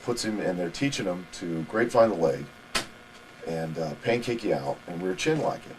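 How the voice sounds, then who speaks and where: Guest man, lowish voice, lively storyteller in a shoot interview, noisy hiss underneath. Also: normal speed. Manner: animated, laughing anecdotal storytelling.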